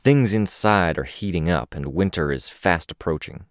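A man voicing a calm, persuasive police officer who speaks in a measured way. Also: low voice, no echo, clean studio sound.

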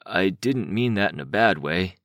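A gentle, self-deprecating teenage boy , as a male narrator reads him, casual and a bit mumbling, pitched only slightly above the narrator's low voice. It is a dry, close audiobook recording. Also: expressive, normal speed, no echo.

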